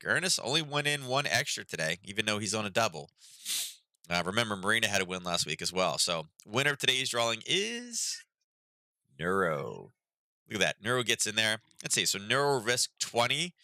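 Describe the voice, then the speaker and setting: A man's voice: lowish voice, bright, forceful tone, no room sound, rough recording. A man hosting a casual trading stream, talking loosely with lots of ums and sarcastic asides, tired and getting over being sick. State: recovering from illness, yawning. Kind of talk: casual market commentary.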